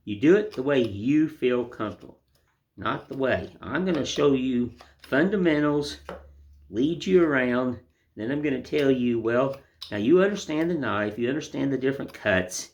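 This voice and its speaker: A man's voice: medium pitch, lively intonation, normal speed, a little mellow, muffled recording. Folksy older man teaching woodcarving. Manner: folksy, rambling, self-deprecating. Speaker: woodcarving instructor. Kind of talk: casual hands-on demonstration.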